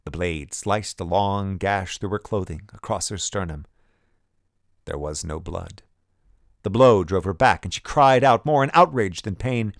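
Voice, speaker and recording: A man narrating a first-person adventure story in a measured, vivid reading. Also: fairly low pitch, dry recording, clean studio sound. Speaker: audiobook narrator.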